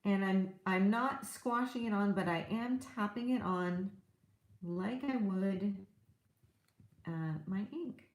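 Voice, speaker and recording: A woman's voice: mid-range voice, slow, reverberant. A middle-aged woman giving a chatty live craft tutorial, explaining each step while she works, with small hesitations. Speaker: craft demonstrator.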